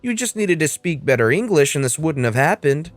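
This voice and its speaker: A man's voice: on the high side, sing-song, fairly quick, no echo, soft background music. A man voicing a rude entitled mother who keeps demanding better English, in a raised, demanding tone. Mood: indignant. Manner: demanding, nagging.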